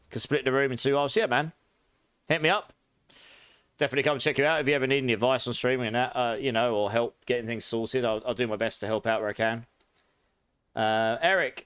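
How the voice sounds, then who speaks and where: Smooth-voiced man with a London-Essex accent. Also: medium pitch, dry recording, studio quality. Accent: London and Essex English with a posh touch. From England. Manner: chatty, relaxed, reads and answers chat, laughs often. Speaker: game streamer. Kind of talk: casual live-stream chat while gaming.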